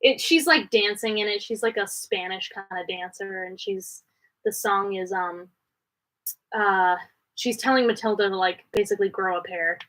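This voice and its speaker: Bright-voiced chatty woman from Canada. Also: poor audio. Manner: chatty and rambling, quick jumps in pitch. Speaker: livestream host answering viewer questions. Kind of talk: casual chat. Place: home studio.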